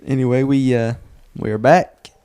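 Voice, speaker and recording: A man's voice: mid-range voice, steady tone, normal speed, dark tone, smooth. A man hosting a casual podcast chat, laid-back and rambling with restarts. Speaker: podcast host.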